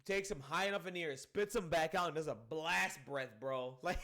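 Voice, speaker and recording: A man giving a casual spoken review of a comic chapter, rambling and animated, swearing freely and filling gaps with "um" and "you know what I mean". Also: on the high side, fairly quick, few pauses. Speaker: manga reviewer.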